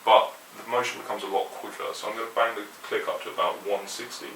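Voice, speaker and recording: A man giving a metal guitar lesson, explaining rhythms in a relaxed, opinionated way and counting along to the click. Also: on the low side, fast. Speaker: guitar teacher. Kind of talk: instructional explanation. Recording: roomy echo, mic at a distance, faint hiss.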